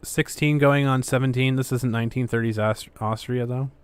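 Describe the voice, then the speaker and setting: A man's voice: mid-range voice, steady tone, moderate pace, clean tone, no echo. A man hosting a casual livestream, reading viewer messages aloud with sarcastic, swearing commentary. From Canada. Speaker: livestream host.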